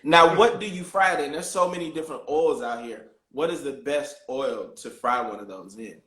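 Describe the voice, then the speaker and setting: A man's voice: mid-range voice, moderate pace, pushed and bright. Man hosting in a roomy space. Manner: easygoing, curious questioning. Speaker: host. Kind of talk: casual interview chat. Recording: roomy echo.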